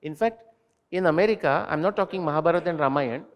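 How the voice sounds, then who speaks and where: Guy giving a talk in a big hall, kinda higher voice, jumps around, keeps asking the room stuff, lots of reverb. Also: fast talker. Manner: animated, digressive, addresses audience directly. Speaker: invited speaker. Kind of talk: lecture Q&A with students. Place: university lecture hall.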